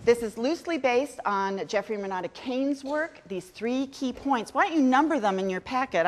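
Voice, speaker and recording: A woman's voice: on the high side, expressive, normal speed, few pauses. A middle-aged woman giving a chatty, self-mocking conference talk to teachers. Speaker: education speaker. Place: large conference hall. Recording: long hall reverb.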